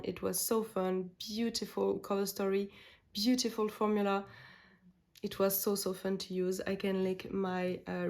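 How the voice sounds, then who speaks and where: A woman whose first language is French chats excitedly to camera in a beauty vlog. She gushes with enthusiasm and trips into fillers and restarts as she talks. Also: medium pitch. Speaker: beauty vlogger. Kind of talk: casual makeup chat.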